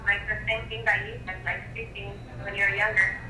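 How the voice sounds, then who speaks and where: A woman on a speakerphone call, casually recalling events in a flat, matter-of-fact way. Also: mid-range voice, brisk. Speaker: girlfriend called on speakerphone. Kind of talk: casual phone chat. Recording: phone on speaker in an echoey room with faint noise.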